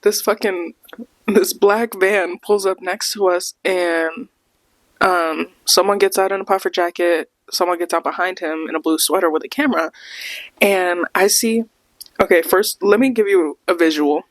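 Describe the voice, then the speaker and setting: A woman's voice: fairly low pitch, moderate pace, no echo. A young woman hosting a podcast, telling a casual storytime with lots of laughs and acted-out quotes. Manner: animated, laughs often, acts out quotes. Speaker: podcast host.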